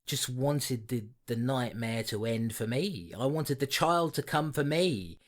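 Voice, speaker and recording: A man's voice: medium pitch, measured pace. A man co-hosting a horror film podcast, talking in a loose, conversational way. His voice sits mid-range, and he slips into teasing, exasperated sarcasm at his co-host. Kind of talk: casual film review chat.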